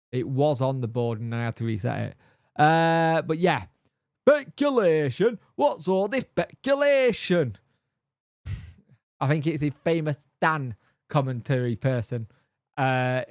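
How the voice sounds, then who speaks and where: A man's voice: mid-range voice, a little mellow, no room sound, studio quality. A man hosting a football fan channel, chatting casually on a live stream and thinking aloud with lots of fillers.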